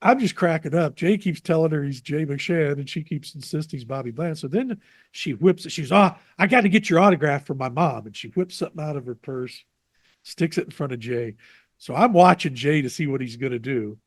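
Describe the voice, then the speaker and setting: Brief: male interview guest on a video call, fairly high voice, dry close sound, animated storyteller. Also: brisk, no room sound. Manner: lively anecdotes, voices the people he quotes. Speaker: interview guest, jazz radio producer.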